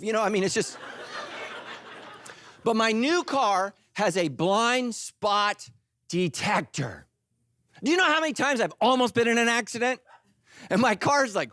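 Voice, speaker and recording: A middle-aged male pastor preaching a sermon in an animated, joking way, acting out little voices. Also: sits high, normal speed, no room sound. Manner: animated, jokey, acts out voices.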